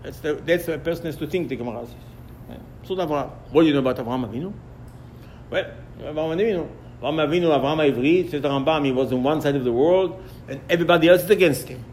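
Male rabbi, slightly high voice, animated lesson style, acts out dialogues. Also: fast, a little hiss or hum. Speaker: rabbi teaching Torah. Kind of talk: Torah lesson.

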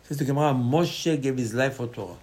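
A man's voice: medium pitch, fairly quick, darkish tone. A man, a rabbi, preaching a Torah sermon with passion, repeating phrases and acting out quoted dialogue. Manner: impassioned, repetitive, acts out quoted dialogue.

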